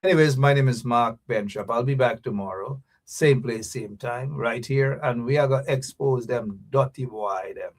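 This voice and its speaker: A man's voice: medium pitch, normal speed, few pauses. A man with a Guyanese accent hosting a radio show, giving a mocking political commentary full of repeated taunts.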